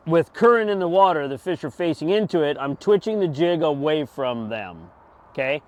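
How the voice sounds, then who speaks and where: A man's voice: fairly high pitch, animated, normal speed. A middle-aged man giving a patient, hands-on fishing lesson, often checking in with "okay?" as he demonstrates. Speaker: fishing instructor. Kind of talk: outdoor how-to lesson.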